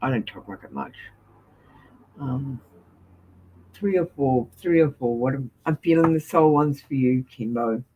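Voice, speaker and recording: A woman's voice: rumbling low, animated, unhurried, long pauses, phone-quality sound, a little hiss or hum. A woman with an Australian accent giving a live tarot card reading, chatting to viewers and reading card meanings aloud from a book. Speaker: tarot reader.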